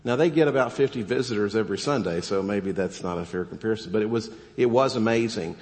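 Joking lowish-voiced preacher in a reverberant church. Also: male voice, fast talker. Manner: casual, joking, animated storytelling. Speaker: pastor. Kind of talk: sermon. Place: church sanctuary.

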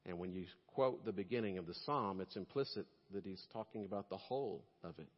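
A male pastor preaching a sermon, telling stories and swinging between loud emphasis and quiet asides. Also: low-pitched, a little fast, in a large hall, lo-fi sound.

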